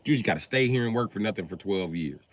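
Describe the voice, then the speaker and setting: A man's voice: expressive, quick pace. A man doing a profane, mocking stand-up rant on a live stream. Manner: profane, mocking, jumps in pitch. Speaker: comedian streamer.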